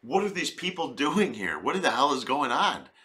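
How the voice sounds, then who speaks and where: A man's voice: mid-range voice, very animated, normal speed, pushed and bright. A man doing comic reaction commentary in a crude, rambling, profane way. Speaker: video commentator.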